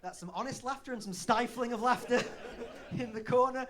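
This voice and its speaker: On a comedy club stage, a Leeds man in his late thirties delivers flamboyant, self-mocking stand-up in a Northern English accent. His pitch is extremely high and his tone fairly bright, at a moderate pace with almost no pauses.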